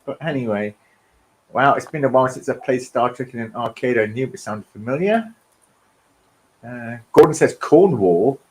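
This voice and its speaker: A man's voice: medium pitch, expressive, moderate pace, low-quality recording. Man hosting a casual quiz. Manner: reads out rules and questions, joking asides. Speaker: quiz host.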